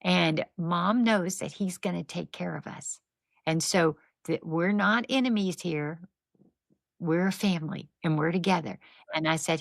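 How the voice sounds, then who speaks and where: A middle-aged woman guest telling lively, faith-based stories and acting out what people said in casual conversation. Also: lowish voice, measured pace, gravelly, no room sound. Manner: animated, faith-based storytelling with acted-out quotes. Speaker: podcast guest, nonprofit founder. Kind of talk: conversational storytelling.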